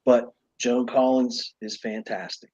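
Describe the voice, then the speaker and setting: A man's voice: mid-range voice, flat delivery, slow pace, darkish tone, husky, muffled recording. A man, a guest on the show, answering hesitantly in short replies. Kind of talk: casual chat.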